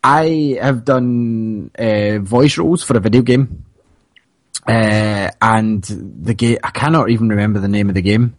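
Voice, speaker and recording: A man's voice: on the low side, measured pace, no echo. A young man with a Scottish Fife accent, co-hosting a podcast and telling stories in a rambling, self-interrupting way. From Scotland. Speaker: podcast co-host. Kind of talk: casual chat.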